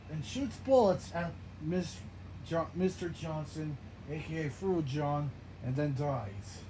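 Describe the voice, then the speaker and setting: A man improvising a game narration in an excitable, stumbling way, often restarting his phrases. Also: on the high side, takes it slowly. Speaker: gameplay narrator. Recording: noisy background.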